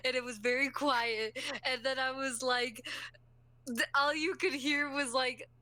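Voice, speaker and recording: A woman's voice: sits high, steady tone, a little slow, bright, forceful tone, no echo. A young woman co-hosting a podcast, chatting casually, giggling and swearing as she tells stories. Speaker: podcast co-host. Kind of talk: casual chat.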